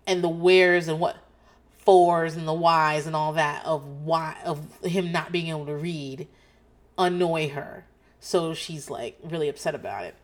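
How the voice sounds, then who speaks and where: A woman's voice: low-pitched, unhurried. A middle-aged woman hosting a podcast, chatting casually, rambling off track and swearing freely. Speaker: podcast host. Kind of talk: casual chat.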